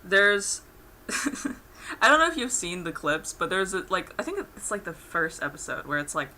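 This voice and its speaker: Young female streamer, bright tone, casual rambling chat while drawing. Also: lowish voice, sing-song, normal speed, slight background noise. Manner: rambling, lots of "like" fillers, laughs through stories. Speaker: art streamer.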